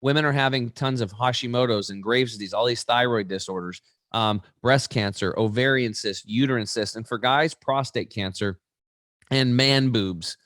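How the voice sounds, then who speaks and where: A man in his forties, a guest in an interview, telling stories in an animated, emphatic way. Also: mid-range voice, normal speed, dry recording, studio quality. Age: 40s.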